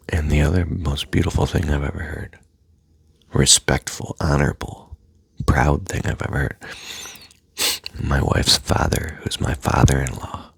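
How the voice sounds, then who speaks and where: A man speaking in a soft, halting personal monologue that often drops to a near-whisper, with a husky voice. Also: rumbling low, no room sound. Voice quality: husky, gravelly. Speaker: self-help speaker.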